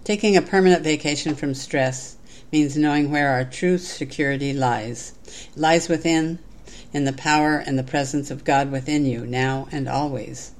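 A spiritual speaker giving an inspirational talk and leading a guided meditation in a calm, measured, gently instructive way. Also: mid-range voice.

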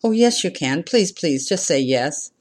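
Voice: medium pitch, animated, measured pace. A minister voicing a young man on a first date who begs for a goodnight kiss. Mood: wheedling. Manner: wheedling, pleading.

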